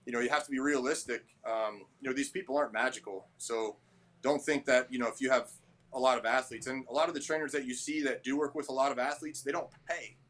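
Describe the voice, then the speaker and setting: A man who owns a gym talks in a casual interview. His voice sits at a middle pitch, and his manner is blunt and a little abrasive as he acts out people's lines in stories. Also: steady tone, quick pace, a bit bright. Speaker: gym owner and trainer.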